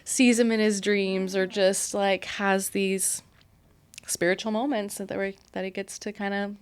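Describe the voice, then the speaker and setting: A woman's voice: medium pitch, flat delivery, a little slow, smooth. Young woman host, mid-range voice, casual and talkative, laughs easily. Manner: warm, chatty, laughs often, many "like" fillers. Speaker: podcast host. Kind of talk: casual interview chat.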